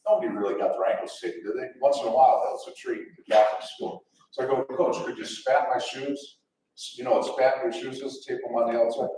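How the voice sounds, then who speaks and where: A man's voice: medium pitch, steady tone, rapid-fire, dark tone, slight background noise. An older man telling rambling, chuckling football stories to a luncheon audience, with many restarts. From Detroit area, USA. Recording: echoey event hall, distant mic.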